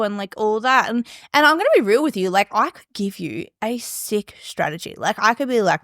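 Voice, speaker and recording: Casting: young woman, solo podcast host, chatty and emphatic, fairly high voice, dry close sound. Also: lively intonation, moderate pace, few pauses, a bit bright, dry recording. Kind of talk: casual solo podcast talk.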